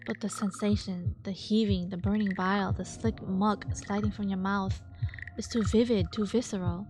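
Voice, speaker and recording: A woman's voice: medium pitch, fairly even intonation, moderate pace. Young woman streamer, jumpy, reads a horror story aloud with squeals, music playing underneath. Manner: jumpy, squeals and shrieks at scares. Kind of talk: reading a horror visual novel aloud with reactions. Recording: background music.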